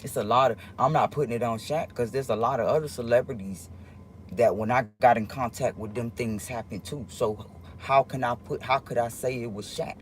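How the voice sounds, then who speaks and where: A man's voice: mid-range voice, slight background noise. Rambling man talking on a livestream. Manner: rambling, halting, with many restarts; earnest, confiding tone addressing viewers. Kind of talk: casual livestream monologue.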